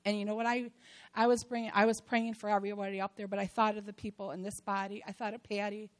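A woman's voice: medium pitch, little pitch movement, fast, poor audio. A woman giving a heartfelt church testimony about a mission trip, rambling with many fillers and restarts.

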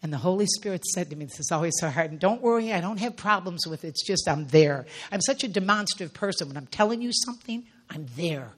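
Husky-voiced woman preacher, intense and hushed. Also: fairly low pitch, expressive, quick pace, hardly any pauses. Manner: intense, drops to near whispers. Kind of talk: emotional sermon testimony.

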